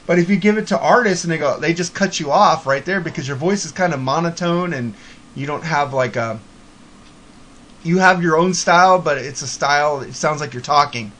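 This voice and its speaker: A man's voice: a little high, moderate pace, a bit bright. A man talking casually and bluntly to a friend, swearing freely as he gives frank advice. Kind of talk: casual chat.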